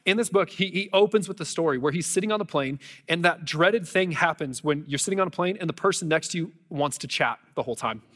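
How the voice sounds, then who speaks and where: A man's voice: on the high side, quick pace, few pauses, a bit bright, long reverb tail. A man preaching a sermon to a congregation, earnest and conversational, with storytelling asides. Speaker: pastor. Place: church sanctuary before a congregation.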